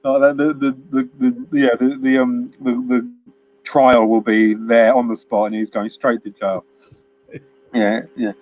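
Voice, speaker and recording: A man's voice: medium pitch, level tone, a little slow, darkish tone, highs cut off. A man co-hosting a casual film review chat, rambling and laughing as he acts out quotes. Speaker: podcast co-host.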